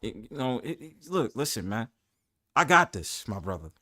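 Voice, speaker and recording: A man's voice: mid-range voice, sing-song, sharp tone. A man with a New York accent hosting a live stream, teasing his guest in casual banter with frequent laughs. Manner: playful, teasing, quick to laugh.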